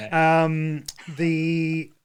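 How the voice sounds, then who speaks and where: A man hosts a casual livestream chat and rambles through his stories, stopping and restarting often. His voice sits a little high for a man. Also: smooth. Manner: rambling storyteller, many fillers and restarts. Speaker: livestream host.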